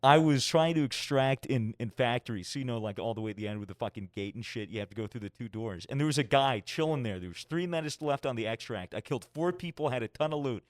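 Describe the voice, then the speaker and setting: A man co-hosts a casual podcast chat, his voice at an ordinary mid pitch. He tells gaming stories with plenty of energy and swears freely. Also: fast talker, few pauses, no echo, clean studio sound. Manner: animated storytelling, swears freely. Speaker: podcast co-host.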